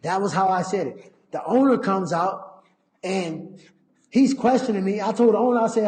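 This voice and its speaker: Raised-pitch man telling a story in an echoey room. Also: a little fast. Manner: profane, animated, acts out his own past lines. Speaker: interview guest, fighter. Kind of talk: casual storytelling.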